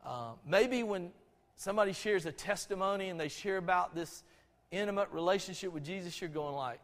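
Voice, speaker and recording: High-voiced folksy Southern pastor preaching. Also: male voice, a little fast. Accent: Southern US, Georgia. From Albany, Georgia, USA. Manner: folksy, conversational, with frequent restarts. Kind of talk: storytelling sermon. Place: church sanctuary. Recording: long reverb of a church sanctuary.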